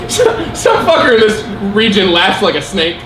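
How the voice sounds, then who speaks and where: A man performing spoken word poetry on stage and telling stories between pieces, emphatic and self-mocking, quick to laugh. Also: high voice, wildly swooping pitch, far from the mic, a loud crowd. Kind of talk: live slam poetry and stage storytelling. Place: theater stage with audience. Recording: roomy live venue sound.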